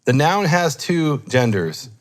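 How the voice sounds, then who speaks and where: A man explaining grammar in a relaxed teaching discussion, thinking aloud and correcting himself as he goes. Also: fairly high pitch, takes it slowly. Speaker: Hebrew scholar teaching.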